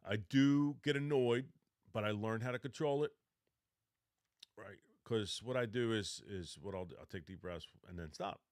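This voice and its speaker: Man, low voice, dry close sound, casual advice talk, rambling, self-correcting. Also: normal speed, a little mellow, no echo. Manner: rambling, self-correcting, acts out both sides of a mock interview. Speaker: podcast host giving job interview advice. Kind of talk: casual advice talk with role-played practice.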